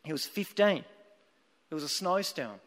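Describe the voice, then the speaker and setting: A man preaches with earnest, emphatic storytelling. His voice sits high for a man, and a long reverb trails each phrase across the hall. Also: expressive, moderate pace, a bit bright. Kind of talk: sermon.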